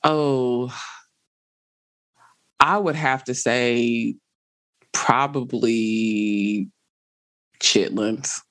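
A woman, a podcast guest chatting in an animated way and often laughing as she tells stories. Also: extremely low pitch, extremely slow, pauses often. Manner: animated, laughs while telling stories, Southern slang. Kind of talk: casual conversation.

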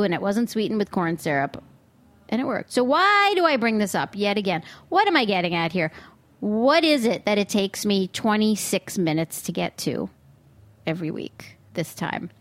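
A woman's voice: mid-range voice, no room sound. A woman hosting a food podcast in a studio, talking in an opinionated, sarcastic way with bursts of disbelief. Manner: exasperated, sarcastic, outbursts of disbelief. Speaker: podcast host. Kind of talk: opinionated solo podcast monologue. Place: studio booth. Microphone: studio microphone.

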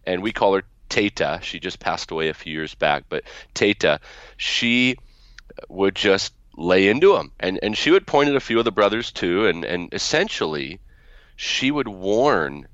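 Podcast guest, man with a very deep voice, rambling storyteller, dry and dull-sounding lo-fi recording. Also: very animated, moderate pace, a bit bright, no echo. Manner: storytelling, frequent restarts. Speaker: guest author. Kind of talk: podcast interview.

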